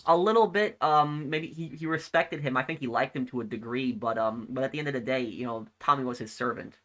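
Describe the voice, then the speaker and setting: A male streamer chats through a live game session, reading viewer comments aloud and answering them. His bright, forward voice rambles in a friendly way and often restarts mid-thought. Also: medium pitch, a little fast. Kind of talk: casual livestream chat reading comments.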